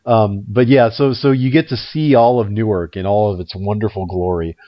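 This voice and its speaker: A man's voice: fairly low pitch, normal speed, no echo. A man hosting a casual podcast from a hotel room, his voice coming through a dull, muffled call line. He rambles with plenty of ums and restarts and pokes fun at himself. The sound is dry and close, with no room around it. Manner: rambling, self-mocking storyteller with many fillers and restarts. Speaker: podcast host. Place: hotel room in a big city. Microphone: remote call line.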